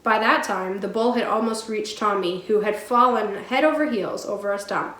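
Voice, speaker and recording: A woman teacher reading a storybook aloud in a clear, steady storytelling voice. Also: medium pitch, moderate pace, roomy sound, rough recording.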